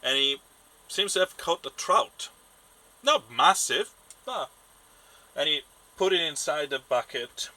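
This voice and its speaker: A man narrating a tabletop game as game master, in halting speech with restarts and loose grammar. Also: fairly high pitch, sing-song, bright, forceful tone, rough recording.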